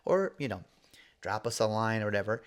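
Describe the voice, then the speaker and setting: Animated storyteller man. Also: lowish voice, brisk, smooth. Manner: animated storyteller, acts out quoted voices; laughs often. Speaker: podcast co-host. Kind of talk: casual storytelling chat.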